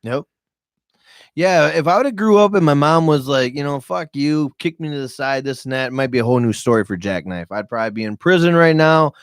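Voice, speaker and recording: A man's voice: mid-range voice, brisk, smooth, dry recording. A man telling candid stories on a podcast, emotional and profane, speaking straight to his viewers. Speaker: podcast guest. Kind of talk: candid storytelling chat. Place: podcast studio with cameras.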